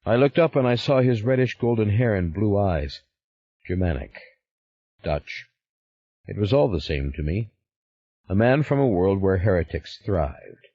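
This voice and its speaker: A man's voice: lowish voice, sing-song, unhurried, long pauses, dark tone, husky, lo-fi sound. A man narrating a thriller audiobook in the first person, with a grave, brooding reading.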